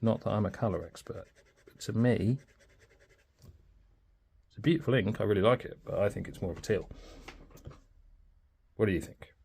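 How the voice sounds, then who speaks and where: A man's voice: lowish voice, a little fast, creaky, pauses often, a little mellow, husky. A man chatting informally and thinking aloud in a casual pen review.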